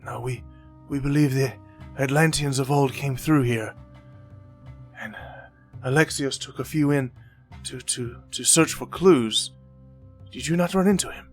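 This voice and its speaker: A man voicing a frail, frightened old man who stammers and hesitates in a high, quavering voice. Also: soft background music, close to an everyday voice. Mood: weary. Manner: halting, stammering.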